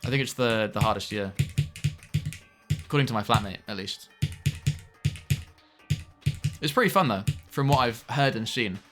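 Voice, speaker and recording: A man's voice: medium pitch, lively intonation, a little fast, over music. A young man chatting casually with viewers while streaming a game, swearing now and then at the game. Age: young adult. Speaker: streamer reading chat.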